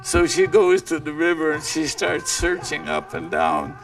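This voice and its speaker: A man telling an old legend aloud, unhurried and plain-spoken. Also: on the high side, huge pitch swings, gravelly, faint music behind. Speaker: storyteller. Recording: voice distant from the mic.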